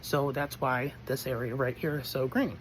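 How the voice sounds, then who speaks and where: A man voicing an elderly woman neighbor in her eighties who talks in a sweet, confiding, high voice. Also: fairly even intonation, normal speed, slight background noise, low-quality recording. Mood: explaining. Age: 80s. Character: chatty elderly woman neighbor, frail legs.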